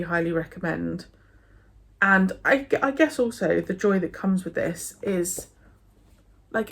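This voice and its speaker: A young woman from England chatting casually and enthusiastically about books she read, with many fillers and restarts. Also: fairly low pitch. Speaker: book vlogger. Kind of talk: casual book review chat.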